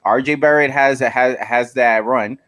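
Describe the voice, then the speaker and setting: A man's voice: medium pitch, a little slow, a bit bright. A man with a mid-range voice arguing a point in casual sports talk. He stumbles and restarts, repeating words before he gets the sentence out. He sounds like a regular on the show.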